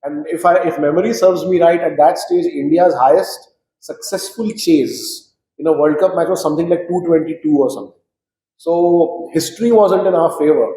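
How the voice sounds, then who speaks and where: A man's voice: a little high, moderate pace. Man reminiscing in an echoey room. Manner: animated storyteller, frequent fillers. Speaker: cricket guest recalling matches. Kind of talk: reminiscing conversation. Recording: roomy echo.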